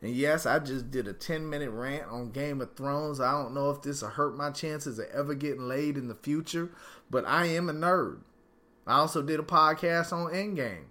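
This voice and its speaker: A man's voice: on the high side, moderate pace, sharp tone. A man hosting his own podcast from home, ranting angrily and profanely in a casual slangy way. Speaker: podcast host. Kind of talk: solo podcast rant.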